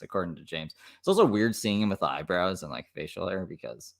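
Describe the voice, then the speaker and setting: A man's voice: fairly low pitch, animated, brisk, hardly any pauses. A man with a Minnesota accent giving casual reaction commentary, with wry asides and laughs. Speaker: commentary streamer.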